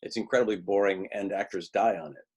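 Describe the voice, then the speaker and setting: Male acting teacher, low and husky, loose webinar talk with restarts, dialogue acted out in passing. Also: steady tone, fast talker. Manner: conversational, restarts often, acts out quoted lines. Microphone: video call.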